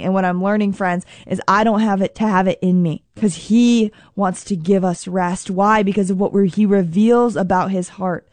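A woman preaching a sermon in an earnest, emphatic way. She repeats key phrases and slows down to stress them. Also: medium pitch, steady tone, darkish tone, dry recording.

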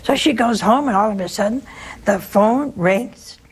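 A woman hosts a religious call-in show, preaching in a folksy, conversational way full of anecdotes and stories. Her mid-range voice moves at normal speed and has a breathy edge.

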